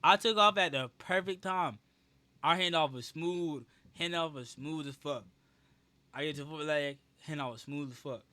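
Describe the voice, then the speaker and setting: Young male streamer, casual storyteller; bright, forceful voice, animated and profane. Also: a little high, moderate pace.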